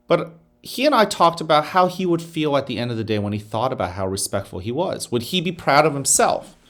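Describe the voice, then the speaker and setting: A man gives morning announcements as principal of a school. His voice moves through a wide, lively pitch range. He talks students through calm breathing in an unhurried, soothing way before turning to upbeat school messages.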